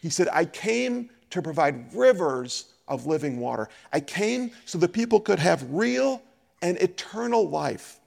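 A man preaching a sermon as a pastor, animated and acting out scripture dialogue. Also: sits high, unhurried, vocal fry, long reverb tail.

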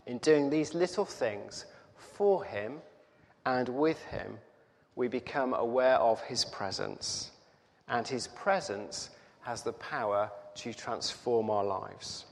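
A man delivers a sermon at an unhurried pace, slow and reflective, with frequent pauses and fillers. His mid-pitched voice rings out through a large hall with a long reverb tail. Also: gravelly. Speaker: preacher.

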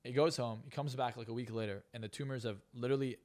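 A man's voice: medium pitch, steady tone, quick pace, a little mellow. A man who is a hypnotist and coach, guest on a podcast interview, talking bluntly and profanely with lots of emphasis.

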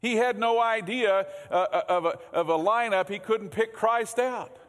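A man's voice: sits high, normal speed, a bit bright. A man preaching a sermon as pastor in a church, conversational, often repeating words and asking the congregation questions. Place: church sanctuary. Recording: long hall reverb.

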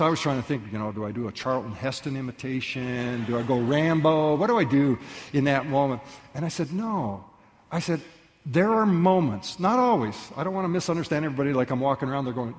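A man preaching a sermon as pastor, telling stories and acting out the voices of the people in them. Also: medium pitch. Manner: animated storyteller, acts out voices. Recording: long reverb of a large hall.

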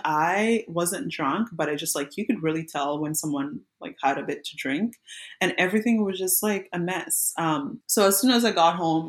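A woman, around her late twenties or thirties, casually telling a personal story with many fillers and restarts, in a reflective, soft-spoken way. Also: low-pitched.

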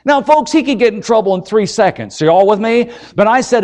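A man's voice: high-pitched, animated, a little fast, darkish tone. A middle-aged man, an evangelist, preaching a folksy, humorous sermon and keeps checking in with the crowd.

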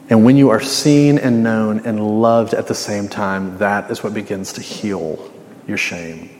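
A man preaches in a loose, conversational way, drifting into casual slang as he tells his stories. His voice sits at an ordinary middle pitch. A long reverb trails behind him, as in a large hall. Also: moderate pace, darkish tone, slight background noise. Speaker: campus minister. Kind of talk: sermon.

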